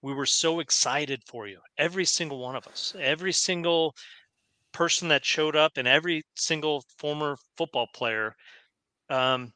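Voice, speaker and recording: Bright, smooth-voiced male host. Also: on the high side, normal speed, no room sound. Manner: earnest, searching for words, many fillers. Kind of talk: casual interview.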